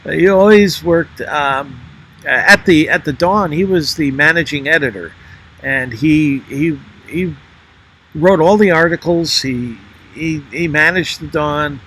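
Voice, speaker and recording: An older man talking through old photographs and his memories, pausing often, with many fillers and restarts. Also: a little high, fairly bright tone, slightly rough, poor audio. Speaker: former member narrating a history video. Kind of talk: unscripted spoken commentary over photos.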